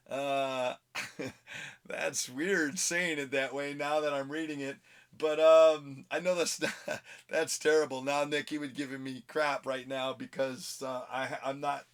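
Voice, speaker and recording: A man's voice: mid-range voice, a bit bright. Rambling, self-mocking male vlog host. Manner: rambling, easily sidetracked, laughs at himself. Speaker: comic book vlog host. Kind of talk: casual rambling vlog talk. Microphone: phone camera.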